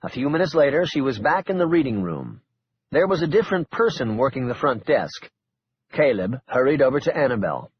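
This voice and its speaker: A man reading a thriller audiobook aloud in a steady, measured narration. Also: medium pitch, dull audio, slight background noise. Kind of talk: scripted narration.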